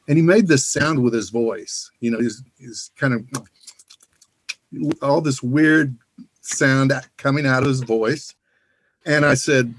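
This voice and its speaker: A man's voice: mid-range voice, unhurried, a bit bright, no echo. Rambling man, dry close sound. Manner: rambling, full of "you know" fillers. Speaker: sound designer. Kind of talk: casual panel Q&A over a video call. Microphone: video call.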